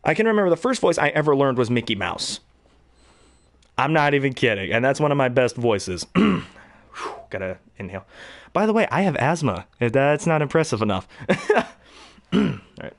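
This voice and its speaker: A male hobby voice actor rambles in a casual, enthusiastic chat, his pitch rising and falling freely. The room sounds dry and close, with no echo around the voice. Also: sing-song, normal speed, vocal fry.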